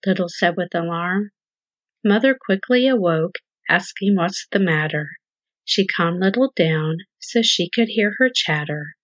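A woman narrating a rhyming children's story as host, with a measured, sing-song delivery. Her voice sits on the low side. The recording is dry, close and a little dull. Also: no room sound.

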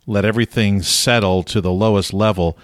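A man's voice: on the low side, fairly even intonation, fairly quick, dry recording, studio quality. A man interviewing a guest, asking thoughtful, probing questions.

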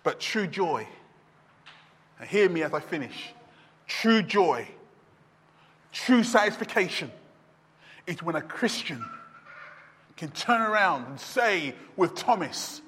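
A man preaching a sermon, swinging from loud shouts down to near-whispers. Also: high-pitched, sing-song, slow, long pauses, breathy edge. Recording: long reverb of a hall.

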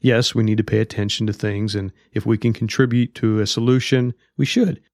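Blunt, low-voiced male Bible teacher. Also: steady tone, a little fast, a little mellow, no echo, studio quality. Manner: conversational and blunt, reads scripture aloud.

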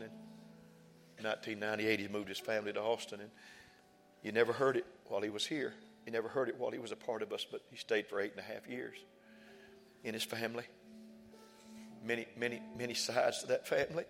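A pastor with a gravelly, slightly bright voice on the low side speaks fast with little pitch movement, yet pauses at length. He relates a personal story in his sermon through folksy, emphatic repetition. There is church hall reverb from the sanctuary, along with faint music.

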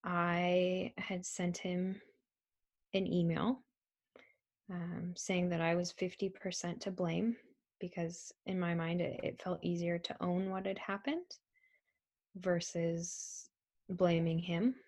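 A young woman telling a personal story in a halting, soft-spoken way, with frequent pauses and ums. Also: on the low side, fairly even intonation. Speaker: survivor telling her story. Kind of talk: personal testimony.

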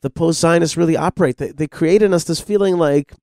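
Man, middle-aged, radio host, impassioned, stumbles and repeats, high pitch. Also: brisk, darkish tone, dry recording, clean studio sound. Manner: impassioned, insistent, repeats words when worked up. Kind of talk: heated radio discussion.

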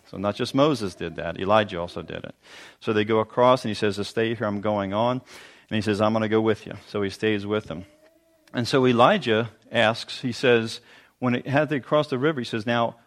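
A man preaching a sermon to a congregation, retelling scripture in a relaxed, conversational teaching manner with rhetorical asides. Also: on the low side. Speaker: pastor.

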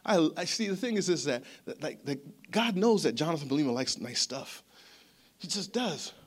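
A man preaching a sermon, telling a story in an animated, chatty way that often repeats words. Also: a little high, fairly quick. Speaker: pastor.

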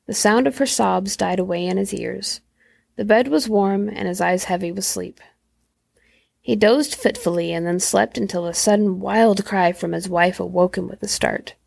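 A woman podcast host reading a classic horror story aloud in a slow, measured way. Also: medium pitch, gravelly, darkish tone, no room sound, clean studio sound.

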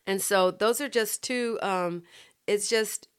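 Woman, mid pitch, smooth and resonant, patient teaching delivery, repeats herself to stress points. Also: slow. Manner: explanatory, repeats phrases, demonstrates emphasis by example. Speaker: communication teacher. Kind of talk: lecture-style teaching.

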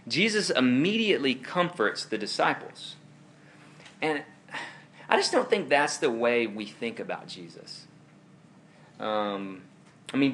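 Young male pastor, casual sermon delivery, chuckles through stories, crisp bright tone. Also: mid-range voice, slight background noise. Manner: animated, chuckling, storytelling asides. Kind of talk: conversational sermon.

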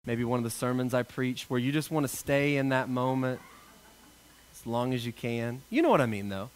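A male pastor delivering a sermon, an animated storyteller who jokes with his congregation. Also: medium pitch, normal speed.

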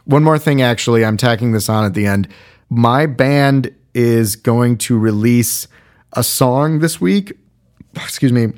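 A man with a mid-pitched, everyday voice talks through a film review off the cuff. He rambles, piles on fillers and throws in wry, irreverent jabs as he goes. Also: unhurried, darkish tone. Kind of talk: casual spoken review.

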